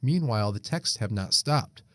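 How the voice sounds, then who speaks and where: Swearing podcast co-host. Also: male voice, medium pitch, lively intonation, normal speed, no room sound, clean studio sound. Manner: swears freely, laughs often, acts out quoted lines. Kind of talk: casual chat, reading a Reddit post aloud.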